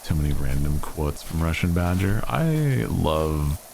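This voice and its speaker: A man's voice: a bass voice, sing-song, unhurried, creaky, darkish tone, slight background noise, rough recording. A young man streaming a game, chatting casually and rambling with fillers and restarts. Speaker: VTuber streamer. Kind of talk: casual gaming stream chat.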